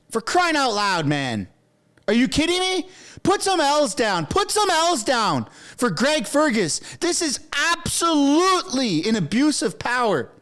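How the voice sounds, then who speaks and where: A male streamer in his basement, shouting and cursing at a clip, his voice pitched very high and swooping wildly up and down. He talks into a desk mic with headphones on. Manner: loud, yelling and swearing in frustration. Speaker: live streamer reacting to a political video. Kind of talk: live reaction commentary. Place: home basement.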